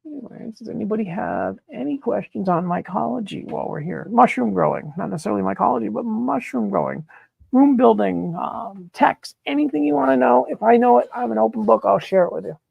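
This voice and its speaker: A man's voice: high voice, expressive, brisk, creaky, husky, no room sound, narrow, tinny audio. A man hosting a live mushroom-growing stream, talking casually while demonstrating and answering questions, blunt and exasperated, swearing freely.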